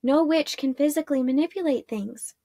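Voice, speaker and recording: A woman voicing a gentle, tender mother in a storybook read-aloud. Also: high-pitched, brisk, no room sound, clean studio sound, pitched above the performer's own voice. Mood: awed.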